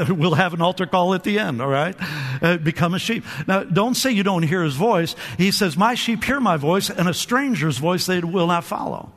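Male pastor, high voice, energetic sermon, call-and-response, repeats words, long hall echo. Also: normal speed. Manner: repeats words and restarts often. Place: church sanctuary.

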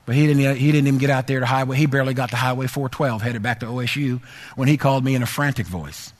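A man's voice: mid-range voice, fast. A male pastor preaching a sermon, telling a personal story in a conversational way, then repeating phrases and building to emphatic exhortation. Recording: long hall reverb.

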